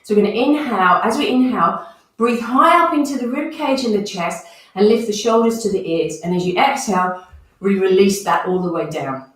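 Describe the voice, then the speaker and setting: A woman of medium pitch speaks expressively and briskly while leading a movement and breathing class, instructively calling and counting each movement and breath cue. The mic is distant, and the room is very echoey.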